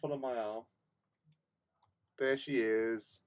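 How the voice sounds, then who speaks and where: A man's voice: fairly low pitch, measured pace, lo-fi sound. A man hosting a hobby livestream, chatting casually in a rambling, self-mocking way. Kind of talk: casual chat.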